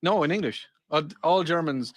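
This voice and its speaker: A man's voice: fairly high pitch, normal speed, dry recording. A man co-hosting a podcast in casual chat, joking and telling stories. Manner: joking, storytelling. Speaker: podcast co-host, comedian.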